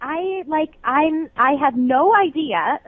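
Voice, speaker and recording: A woman on the line speaking in a flustered, halting way. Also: sits high, animated, dry recording. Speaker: caller. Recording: tinny phone line.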